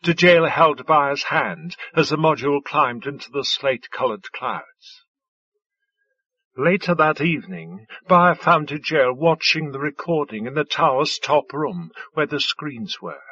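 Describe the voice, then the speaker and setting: A man reading fiction aloud as an audiobook narrator, in a measured, scripted way. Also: a little high, sharp tone, slightly rough, highs cut off.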